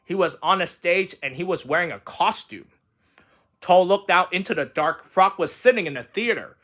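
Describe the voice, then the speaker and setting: A man reading a children's storybook aloud in plain, steady narration. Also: high-pitched, moderate pace. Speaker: reader.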